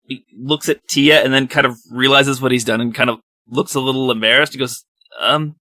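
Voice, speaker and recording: Player, male, bright tone, dry close sound, hesitant, lots of ums. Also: mid-range voice, steady tone, a little fast, no echo. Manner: hesitant, many fillers. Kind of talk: tabletop game play.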